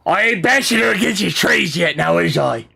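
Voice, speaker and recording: A man voicing a loud, rowdy, brutish male warrior with gruff, gravelly slang, shouting brashly. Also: a little high, animated, moderate pace, full character voice. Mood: irritated.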